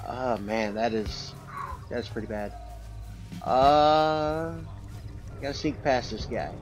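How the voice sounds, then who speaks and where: Speaking slowly at a medium pitch, a male gamer provides let's play commentary, reading the game's text aloud and musing with fillers. The audio is dull and lo-fi, with game music underneath.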